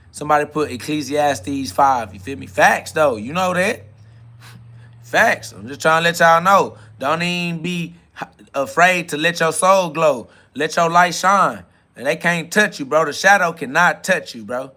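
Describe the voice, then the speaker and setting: Bright-voiced man preaching in street slang. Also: moderate pace. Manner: swings between loud hype and low murmurs. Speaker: podcast host. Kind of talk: freewheeling spiritual monologue.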